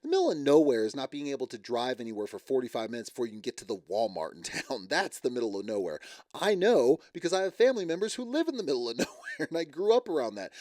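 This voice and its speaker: A man giving casual, opinionated reaction commentary on a reality show, sarcastic and quick to laugh. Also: mid-range voice, sing-song, a little mellow, dry recording, clean studio sound. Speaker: reality TV recap host.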